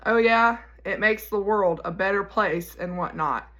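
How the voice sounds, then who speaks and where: A woman voicing a smooth-talking wolf posing as a breezy, salesy influencer, in a devotional reading. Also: medium pitch, unhurried, a bit bright, close to an everyday voice.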